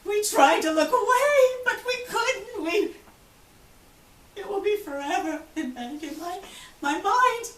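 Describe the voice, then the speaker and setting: A woman's voice: very high voice, lively intonation, slow, a bit bright, heavily acted. An actress giving a theatrical first-person monologue as an outspoken, wealthy woman who survived the Titanic, telling the story vividly and acting out the voices of others. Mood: anguished. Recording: roomy, distant, faint hiss.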